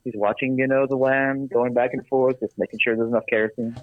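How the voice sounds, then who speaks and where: A man's voice: medium pitch, level tone, brisk, dry recording. A man telling a long shaggy-dog joke in a casual, meandering way, full of fillers and restarts. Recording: tinny phone-like radio sound.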